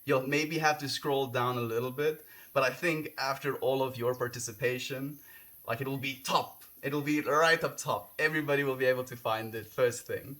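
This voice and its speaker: A young man, raised speaking Afrikaans, chats loosely with his live-stream audience. His voice sits at an ordinary middle pitch, and he gushes with thanks between comments. He is outdoors, talking casually and sincerely. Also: steady tone, moderate pace, sharp tone. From South Africa. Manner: gushing, heartfelt, reads chat comments aloud. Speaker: livestreamer. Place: outdoors, windy.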